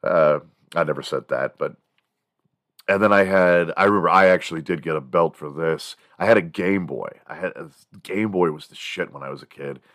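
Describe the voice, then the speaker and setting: A man's voice: low-pitched, normal speed, a bit bright, no room sound, studio quality. A man in his forties, from Texas, hosting a morning show and telling rambling, profane childhood stories with laughs of his own. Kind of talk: casual comedic storytelling.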